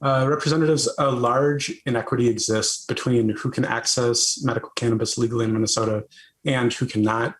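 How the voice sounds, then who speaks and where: A man representing an advocacy group reads his prepared testimony to a legislative committee. His delivery is brisk and orderly, moving through his points without stopping. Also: medium pitch, fairly even intonation, poor audio. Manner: brisk, reading prepared remarks.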